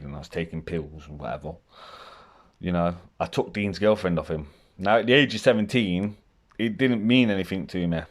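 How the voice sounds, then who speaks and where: A deep-voiced man recounts his past in a loose, rambling monologue. He is blunt and candid, and he swears constantly as he talks. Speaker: vlogger telling his life story. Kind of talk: casual storytelling.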